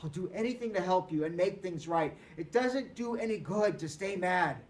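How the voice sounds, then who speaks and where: An earnest, remorseful teenage boy, as a male reader puts him on, pleading in a lively, rising voice. It is a storybook read-aloud, picked up from a little way off the mic. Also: sits high, moderate pace, far from the mic, pitched above the performer's own voice.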